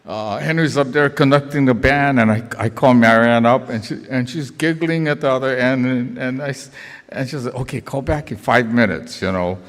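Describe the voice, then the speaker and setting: An older man telling a lively, chuckling memorial story in a church, acting out the voices as he goes. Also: medium pitch, moderate pace. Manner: animated, chuckling storyteller who acts out voices. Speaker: eulogy speaker, former fellow band teacher. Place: church sanctuary. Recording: echoey church hall.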